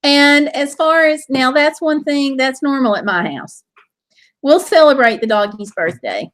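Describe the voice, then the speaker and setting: A woman's voice: sits high, animated, measured pace, a bit bright. A woman hosting a casual live stream from home, with a Southern US accent, cheerfully reading viewer comments aloud.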